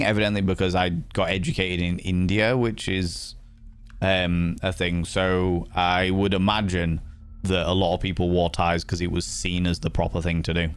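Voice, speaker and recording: A man's voice: on the low side, smooth. A man giving chatty, playful let's-play commentary, greeting viewers and swearing freely. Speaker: streamer.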